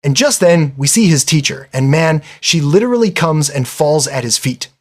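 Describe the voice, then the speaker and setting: A man narrates an anime episode recap in a casual, chatty way, with a fairly high, husky voice that swings up and down a lot. He keeps dropping in little asides as he tells it. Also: animated, moderate pace. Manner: chatty, exclaims "man" and "I mean".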